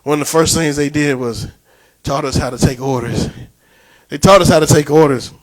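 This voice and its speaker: Middle-aged New York pastor, high voice, church preacher who builds to shouted refrains. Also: male voice, moderate pace, low-quality recording. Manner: preaching with rising, shouted passages and repeated refrains; frequent "uh" fillers and restarts. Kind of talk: sermon.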